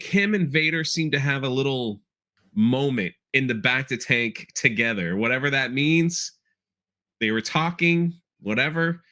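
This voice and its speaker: A man hosting a casual podcast chat, his voice pitched a bit high with a bright, forceful edge. He rambles through a story recap, trailing off with loose asides and dropping into quick playful impressions of the characters. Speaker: podcast host.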